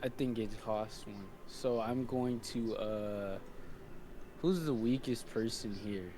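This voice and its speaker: A man's voice: fairly low pitch, takes it slowly, mellow, slight background noise. A man playing a tabletop role-playing game, chatting casually and joking with the group. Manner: joking, playful banter. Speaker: player.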